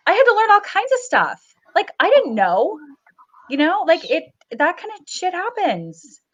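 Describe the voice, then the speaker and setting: A woman's voice: extremely high pitch, huge pitch swings, a bit bright. A woman hosting a podcast talks in a chatty, casual way, agreeing readily and sharing her own stories. Her voice comes through a dull, lo-fi recording. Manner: chatty, quick to laugh and agree. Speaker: podcast host. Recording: dull lo-fi audio.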